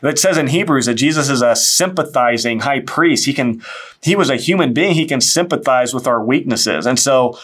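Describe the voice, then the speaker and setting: A man's voice: medium pitch, normal speed, a bit bright, slightly rough. A man hosting an interview, talking earnestly and encouragingly about faith, with many restarts. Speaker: interviewer, show host. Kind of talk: casual faith conversation.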